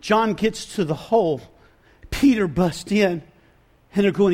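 A man preaching a sermon, telling the story in an animated, conversational way with casual asides. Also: high voice, measured pace. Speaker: pastor.

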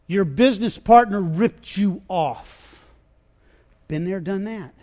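A man preaching with a high-pitched voice and an unhurried, drawn-out pace. He swings from hushed, quiet passages to loud, shouted ones, repeating words and restarting as he builds his point. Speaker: pastor. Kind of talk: sermon.

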